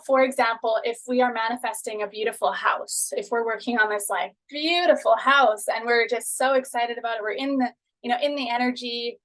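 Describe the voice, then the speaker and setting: Woman coach, higher voice, relaxed chatty encouragement, live web workshop over a call mic. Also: rough recording. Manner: chatty, encouraging, lots of "you know" and "okay". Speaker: manifestation coach. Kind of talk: live online workshop talk.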